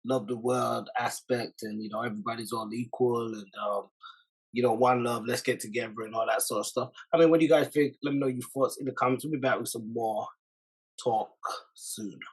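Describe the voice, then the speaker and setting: A man hosting a commentary video, speaking in a measured, reflective way with many fillers. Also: medium pitch, fairly even intonation, slightly rough, low-quality recording. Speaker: channel host.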